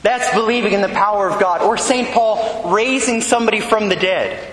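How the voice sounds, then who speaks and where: A man's voice: high-pitched, normal speed, a bit bright, reverberant, long reverb tail, poor audio. A man giving a homily as a priest, earnest and conversational, often checking in with "right?".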